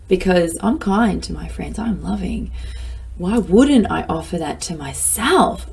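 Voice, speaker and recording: A middle-aged woman talks straight to her listeners about self-kindness. Her voice carries a gravelly fry and a husky, breathy edge. She is lively and playful, often slipping into her own inner voice. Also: medium pitch, slow pace. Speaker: self-help speaker. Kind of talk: motivational talk to camera.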